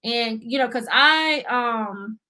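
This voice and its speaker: This bright, high-voiced young woman is a budgeting YouTuber guesting on a casual interview. She speaks slowly, earnestly and talkatively, with plenty of fillers and "you see what I'm saying."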